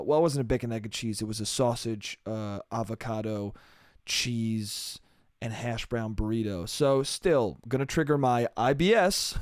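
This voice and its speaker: A man's voice: mid-range voice, smooth, dry recording, clean studio sound. A young man hosting a solo podcast, rambling through a comedic monologue, swearing freely and laughing at himself.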